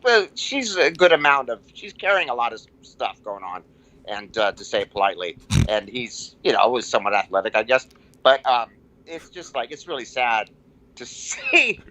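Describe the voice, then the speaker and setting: Bright-voiced man, rambling chat. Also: medium pitch, very animated, low-quality recording. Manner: rambling, halting, full of restarts and self-mocking asides. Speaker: guest comedian. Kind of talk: casual podcast chat.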